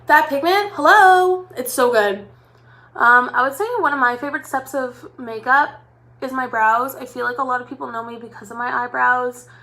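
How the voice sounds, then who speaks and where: A woman's voice: fairly high pitch, flat delivery, fairly quick, gravelly, bright, forceful tone. A chatty young woman doing a live makeup tutorial as a makeup artist, talking directly to her viewers in a bubbly way.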